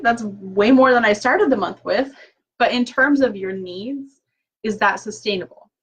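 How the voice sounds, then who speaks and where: A woman's voice: a little high, moderate pace, slightly rough, dull audio. A woman chatting casually and upbeat through a live-stream recap from her home office, full of fillers and quoted asides. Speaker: direct sales consultant. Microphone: laptop mic.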